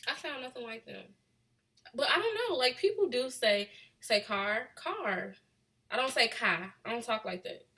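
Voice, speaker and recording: A woman's voice: sits high, sing-song, brisk, a bit bright. A young woman from Chicago with a Chicago accent, chatting casually with a live chat, reading out questions and laughing. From Chicago, USA. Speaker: vlogger answering live chat.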